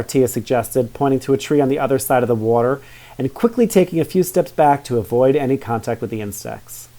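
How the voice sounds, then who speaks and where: A man's voice: mid-range voice, fairly quick, dark tone. A man reading a children's story aloud, adding chatty asides and questions to young listeners. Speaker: storybook reader.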